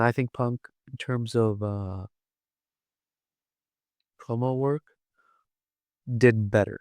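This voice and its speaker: A man's voice: medium pitch, a little mellow, no room sound, studio quality. A man giving casual commentary on his vlog, rambling with lots of fillers and restarts. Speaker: wrestling vlogger.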